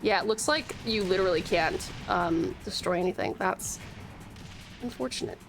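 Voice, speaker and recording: A woman from Tasmania with an Australian accent, chatting excitably through a live game stream, swearing and laughing readily. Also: medium pitch, moderate pace, creaky, faint music behind.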